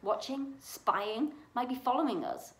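A woman voicing a loud, gruff, blustering middle-aged uncle, read aloud in an echoey room. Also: on the high side, lively intonation, unhurried, pitched above the performer's own voice. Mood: tense.

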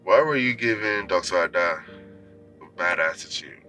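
A gentle widowed dad, bright-toned. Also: male voice, low-pitched, lively intonation, moderate pace, soft background music, rough recording. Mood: coaxing. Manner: soft, coaxing, pet names. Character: gentle widowed father coaxing his daughter. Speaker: single father. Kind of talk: film acting.

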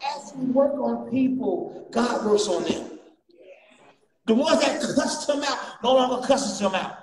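A man preaching a fervent sermon as a guest bishop, repeating refrains and rising to shouts. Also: very high voice, lively intonation, measured pace. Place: church sanctuary. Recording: echoey church, distant mic, faint noise.

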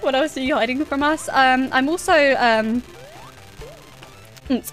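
A woman's voice: sits high, measured pace, a bit bright, soft background music. A woman streaming games live, chatting casually, giggling often and yelping when startled. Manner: giggly, rambling, easily startled.

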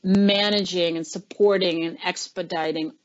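A woman's voice: on the low side, moderate pace, highs cut off. A middle-aged woman, a former chief of staff, tells stories in a webinar interview and acts out the lines people said. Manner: animated storyteller, acts out quoted lines.

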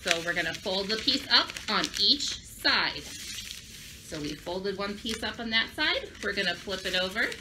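A woman's voice: medium pitch, animated, moderate pace, noisy background. A woman librarian giving a children's craft and story lesson, upbeat and speaking directly to young kids.

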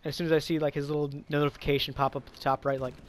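A man spins a casual story in a slightly high voice, leaning hard on fillers and the odd curse word. He trips over his words and restarts a lot, rambling along without much polish. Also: flat delivery, very fast, slight background noise. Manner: rambling, filler-heavy, profane; stumbles and restarts often. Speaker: vlogger.

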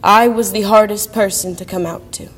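A woman performs a reflective monologue on stage at a university event hall, telling a personal story. Her medium-pitched voice stays steady at a moderate pace, and the recording carries a long hall reverb.

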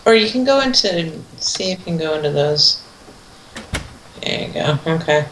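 A player giving slow, hesitant directions and comments while a friend plays a horror game. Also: medium pitch, animated, a bit bright, echoey room, a little hiss or hum, low-quality recording. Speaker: gamer. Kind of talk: casual let's play commentary.

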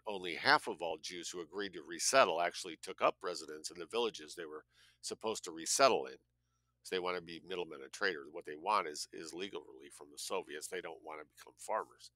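A man's voice: sits low, bright, forceful tone, no room sound. A man reading a nonfiction book aloud, spelling out words letter by letter and adding blunt asides of his own. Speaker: audiobook reader.

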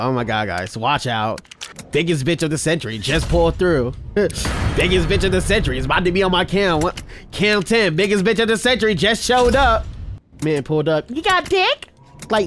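A man streaming a horror game, trash-talking the characters with loud outbursts and frequent laughs. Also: high-pitched, a little hiss or hum. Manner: laughs often. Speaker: gaming streamer. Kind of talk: casual let's-play commentary.

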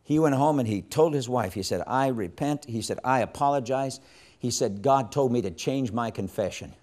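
A man teaching a session on evangelism in a sermon style, telling a story with strong emphasis and dropping to hushed tones when quoting. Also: mid-range voice, moderate pace. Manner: impassioned, swings from loud emphasis to hushed quoting.

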